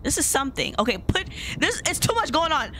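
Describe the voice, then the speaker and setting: A woman giving casual gameplay commentary, chatting straight to her viewers and jumping at every scare. Her bright voice sits fairly high and swings widely in pitch. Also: big pitch swings, fairly quick, a little hiss or hum. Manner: chatty, easily startled, talks to viewers. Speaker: gaming video host.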